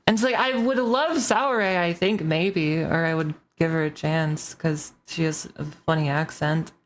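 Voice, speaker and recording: A woman's voice: low-pitched, steady tone, measured pace, slight background noise. A woman streamer ranting casually to her chat, rambling and swearing with many restarts.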